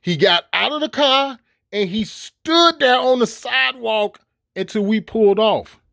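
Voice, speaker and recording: High-voiced, profane middle-aged man ranting. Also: measured pace, gravelly, no room sound, studio quality. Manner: animated and swearing, with laughs and repeated stammered restarts. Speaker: vlogger.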